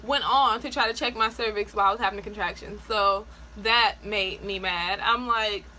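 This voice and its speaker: Chatty bright-voiced woman vlogger. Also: medium pitch, moderate pace, slight background noise, rough recording. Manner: chatty, animated, frequent "like" and laughs. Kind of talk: casual personal storytelling.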